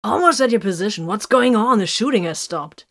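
A woman's voice: mid-range voice, lively intonation, brisk, a bit bright, voice pushed up. A woman doing an urgent soldier on the comm. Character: male soldier calling over a comm link.

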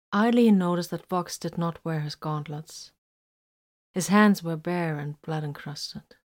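Low-pitched female narrator for a sci-fi audiobook, measured and even. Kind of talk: scripted narration of fan fiction.

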